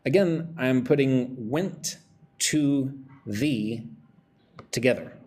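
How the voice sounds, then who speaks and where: A male English teacher hosts a live online lesson at an unhurried pace. His voice rises and falls a great deal as he repeats short phrases for learners to copy. Between examples he greets viewers from the chat. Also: medium pitch, sing-song, darkish tone. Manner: slow, drills short phrases by repeating them.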